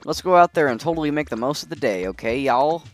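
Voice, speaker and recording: A man's voice: fairly high pitch, lively intonation, quick pace, natural voice. A man reading the lines of a chirpy, scatterbrained villager from a video game, in a perky, chatty tone.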